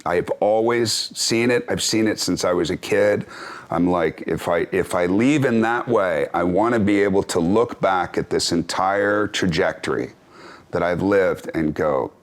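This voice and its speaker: A deep-voiced man in his fifties answers interview questions in a loose, candid way. He is reflective and self-deprecating, with wry chuckles between thoughts. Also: a little slow. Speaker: actor and author, interview guest.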